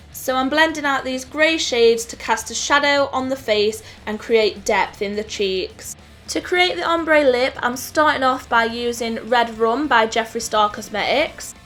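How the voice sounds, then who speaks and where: A woman with a Nottingham accent explaining makeup steps in a clear, scripted tutorial voice-over. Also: on the high side, fairly bright tone. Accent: English Midlands (Nottingham). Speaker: makeup artist host. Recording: voice-over with faint music.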